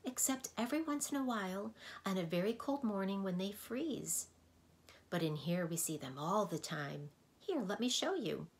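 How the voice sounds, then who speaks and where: A woman's voice: mid-range voice, expressive, moderate pace, lightly acted. A woman voicing a prim, stubborn woman who keeps sounds, in a storybook read-aloud. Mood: proudly explaining. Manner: prim, bossy.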